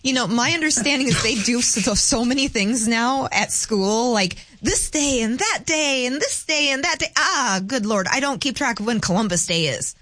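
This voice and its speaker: A woman's voice: fairly high pitch, animated, normal speed, hardly any pauses, fairly bright tone, no room sound. A woman guesting on her husband's call-in radio show, speaking bluntly and emphatically. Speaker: guest co-host, host's wife. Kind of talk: casual radio chat. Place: radio studio. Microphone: studio mic.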